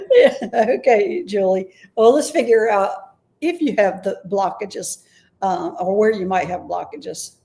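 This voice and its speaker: A woman gives an intuitive reading over a live stream, sounding tentative and often unsure of the messages she relays. Her mid-range voice is mellow and a little slow.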